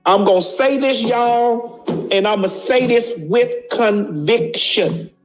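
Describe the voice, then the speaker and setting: A woman's voice: fairly high pitch, slow pace, slight background noise. A woman giving a blunt, casual commentary, preaching her point and repeating lines for emphasis, swearing freely.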